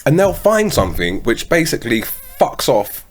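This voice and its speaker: A man's voice: medium pitch, very animated, normal speed. A man, co-hosting a podcast, telling rambling anecdotes full of slang and swearing. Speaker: podcast co-host. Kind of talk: casual chat.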